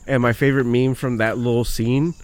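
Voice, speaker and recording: A man telling stories in a casual, profane chat, getting excited and swearing constantly. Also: mid-range voice, fairly quick.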